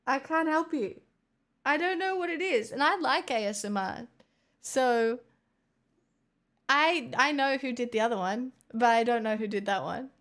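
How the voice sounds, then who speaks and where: An Australian woman streamer in casual livestream chat, rambling and playful, drifting into soft murmurs. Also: fairly high pitch, lively intonation, moderate pace.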